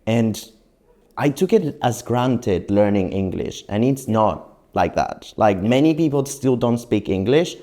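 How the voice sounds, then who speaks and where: A man's voice: lowish voice, unhurried. A young adult man from Mexico, a Spanish native speaker, guesting on a podcast and telling stories in casual chat with frequent laughs. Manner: lively storyteller, laughs often.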